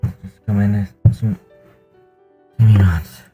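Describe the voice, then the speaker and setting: A man chatting on his stream while still out of breath, halting and trailing off between sighs. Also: fairly low pitch, steady tone, husky, narrow, tinny audio, soft background music. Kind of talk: casual stream chat.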